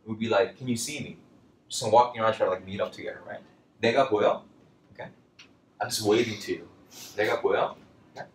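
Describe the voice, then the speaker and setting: Relaxed male teacher in a roomy space. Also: on the low side, fast, recorded from a distance. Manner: loose and chatty, many fillers, animated when quoting phrases. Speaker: Korean language teacher. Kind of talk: casual classroom lesson. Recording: roomy, from off-mic, faint background noise.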